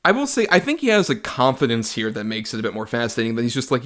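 A man's voice: mid-range voice, big pitch swings, very fast, hardly any pauses, a bit bright. A man co-hosting a podcast, chatting casually about a film, laughing often, swearing, and acting out quotes from it. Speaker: podcast co-host.

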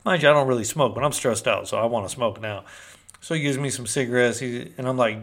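A man's voice: medium pitch, fast. Slangy man telling a rambling story. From Northern California. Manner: slangy, rambling, street talk. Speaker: storyteller recounting prison life. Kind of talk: casual storytelling.

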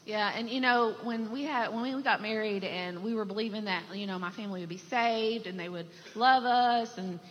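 A woman's voice: medium pitch, moderate pace, hardly any pauses, fairly bright tone. A woman sharing a heartfelt, reflective church testimony with fillers. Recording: dull sound with long hall reverb and faint noise.

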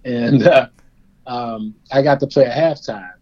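A man from Indiana talks as a guest, spinning self-deprecating stories and chuckling between stumbling restarts. His voice sits at a middle pitch. The audio is slightly dull and lo-fi. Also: unhurried, darkish tone. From Indiana, USA. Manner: self-deprecating, laughing storyteller with frequent restarts. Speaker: guest, former player. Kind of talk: storytelling in a conversation.

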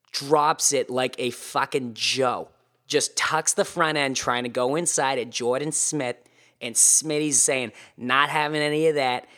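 Brash Boston race-report bro, loud and profane, put on by a male podcast host. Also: mid-range voice. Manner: profane, hyped, drawn-out delivery.

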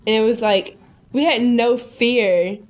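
A woman's voice: fairly high pitch, takes it slowly. A young woman from Minnesota, a podcast guest talking in an eager, chatty way and finishing her twin's sentences. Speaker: guest, eyewear designer. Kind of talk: casual podcast interview.

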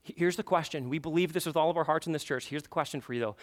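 High-voiced man preaching a sermon. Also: very fast. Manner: earnest, repeats questions for emphasis. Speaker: pastor. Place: church.

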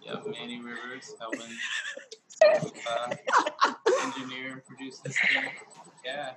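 A man's voice: medium pitch, flat delivery, slow, fairly bright tone, rough recording. A man who produces the podcast, talking casually and a bit hesitantly. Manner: hesitant, shy giggles. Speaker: producer and engineer. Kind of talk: casual chat.

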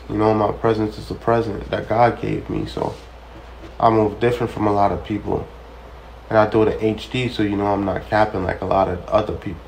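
A man's voice: lowish voice, vocal fry, slight background noise, rough recording. Man hosting a ministry show, storytelling. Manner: storytelling that acts out quoted dialogue; preacherly, repeats phrases for emphasis. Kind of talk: casual spoken testimony.

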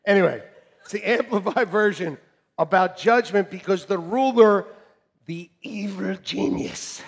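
A middle-aged man preaching a sermon to a congregation, joking and animated, swinging from shouts to quiet asides. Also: high-pitched, husky. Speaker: pastor. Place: church hall with congregation. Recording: long reverb of a church hall.

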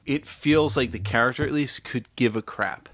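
A man who is a regular on a comedy podcast, chiming in with playful, eager comments. His voice is bright and forward, and the recording is dry. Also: mid-range voice, normal speed, no echo. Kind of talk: casual podcast chat.

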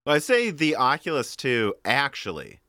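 A podcast co-host rambles animatedly about gaming gear in a casual tech chat, laughing often. His mid-range voice moves at a normal speed, recorded with clean studio sound and no room sound.

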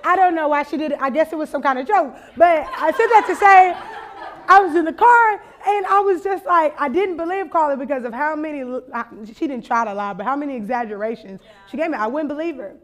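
A woman's voice: high voice, brisk. A young woman from Louisiana, giving a conference talk that mixes funny anecdotes with preaching, laughing and acting out voices. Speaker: conference speaker. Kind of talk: storytelling sermon.

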